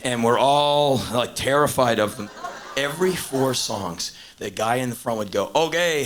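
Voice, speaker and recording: Male stand-up comic, thirties, mid-pitched, swings loud and quiet, faint tape hiss. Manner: animated, swings from loud exclaiming to low muttering; hurried asides and shouted punchlines. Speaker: stand-up comedian. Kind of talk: live stand-up storytelling. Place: live stage before an audience. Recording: hissy low-quality VHS concert tape.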